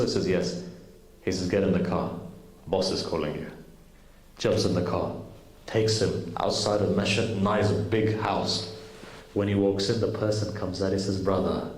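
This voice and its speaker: A man telling a story in a sermon, acting out each character's lines. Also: fairly low pitch. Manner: animated storyteller acting out dialogue. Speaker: preacher. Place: mosque hall. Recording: echoey hall.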